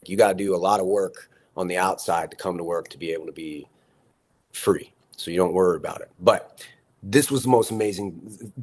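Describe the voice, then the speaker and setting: Animated man telling stories. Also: sits low. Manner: animated, repeats words, acts out quotes. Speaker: actor guest. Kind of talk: casual storytelling interview.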